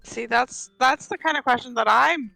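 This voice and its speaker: A woman's voice: high voice, moderate pace, vocal fry, bright, forceful tone, no room sound, faint music behind, rough recording. A woman joining a friend's game stream, chatting in a dry, exasperated, teasing way. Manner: sardonic, exasperated. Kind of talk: casual livestream chat.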